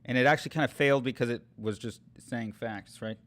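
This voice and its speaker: A man's voice: medium pitch, quick pace, a bit bright. Rambling man thinking aloud. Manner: rambling, thinking aloud, many fillers and restarts. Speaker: streamer testing AI story tools. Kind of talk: casual chat.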